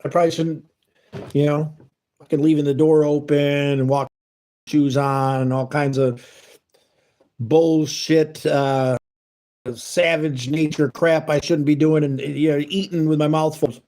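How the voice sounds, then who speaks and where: A man's voice: on the high side, flat delivery, measured pace, warm tone. A man hosting a casual livestream, talking earnestly and rambling as he reads and answers chat messages. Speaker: livestream host. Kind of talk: casual live-stream chat.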